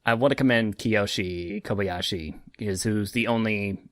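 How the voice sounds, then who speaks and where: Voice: sits low, normal speed, a bit bright, no echo. A thoughtful podcast co-host, speaking hesitantly and feeling out each point. The sound is dry and close, with no room in it. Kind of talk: casual podcast chat.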